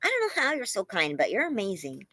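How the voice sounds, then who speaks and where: A livestream host reads chat aloud and answers in a fast, sharp, medium-pitched woman's voice with huge swings in pitch. Her talk is casual and rambling, packed with fillers and gushing praise, and there's no echo.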